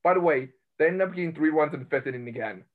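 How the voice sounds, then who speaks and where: Excitable man on a tinny line. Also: a little high, very fast. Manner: rambling, excitable, self-interrupting. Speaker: college baseball podcast host. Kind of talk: casual sports chat. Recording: tinny phone-line sound.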